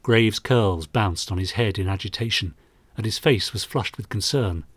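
A man narrating a short story in a measured, dramatic storytelling manner. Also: fairly low pitch, breathy edge, no echo. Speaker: audiobook narrator. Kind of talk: scripted narration.

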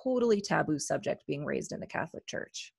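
A woman's voice: sits low, lively intonation, fairly quick, vocal fry, darkish tone, husky, dry recording. Chatty woman podcast host. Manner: chatty, reflective, many fillers. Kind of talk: casual podcast chat.

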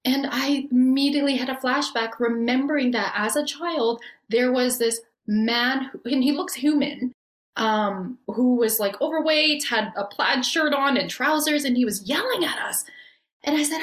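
A woman's voice: high voice, normal speed. Bubbly, laughing Canadian woman in a roomy echo. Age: 40s. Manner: bubbly, laughs often, animated storyteller. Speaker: podcast guest. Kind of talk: storytelling in conversation.

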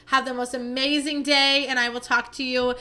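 Bright-voiced, chatty young woman podcaster. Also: high-pitched, moderate pace. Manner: chatty, animated, gets fired up and rants. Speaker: podcast host. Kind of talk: casual solo podcast chat.

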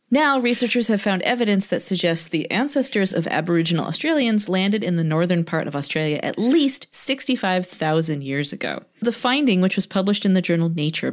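A woman co-hosting a casual podcast, reading through research notes with laughing asides. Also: lowish voice. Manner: reads sources aloud with laughing asides. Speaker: podcast co-host.

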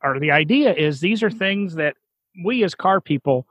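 A man hosting a casual podcast with friends, chatty and prone to quick restarts. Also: fairly high pitch, lively intonation, fairly bright tone, no echo. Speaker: podcast host. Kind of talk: casual chat.

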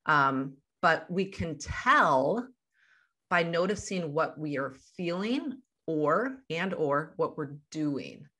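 A woman's voice: deep voice, expressive, slow pace, pushed and bright, husky. A woman guest on a podcast interview, a life coach talking over a video call and explaining through everyday examples.

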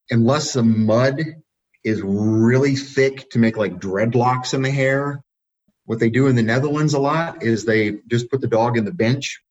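A man who breeds and shows dogs, telling relaxed anecdotes with the odd laugh. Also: medium pitch, lo-fi sound. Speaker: dog breeder and show handler. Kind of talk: casual storytelling.

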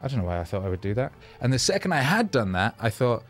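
A man's voice: mid-range voice, animated, fairly quick, hardly any pauses, soft background music. A man, a rapper, telling rambling, self-mocking stories in a casual monologue, loose with fillers and swearing.

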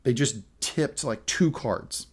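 A man's voice: medium pitch, slow, breathy edge. A man co-hosting a podcast, casually recapping a TV episode and reading out quoted lines. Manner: narrates plot, reads quoted lines aloud. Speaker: podcast co-host.

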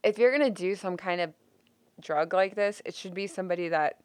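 A woman's voice: fairly low pitch, brisk, clean tone, dry recording, studio quality. A woman co-hosting a casual podcast, chatting with lots of "like" fillers. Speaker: podcast co-host. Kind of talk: casual chat.

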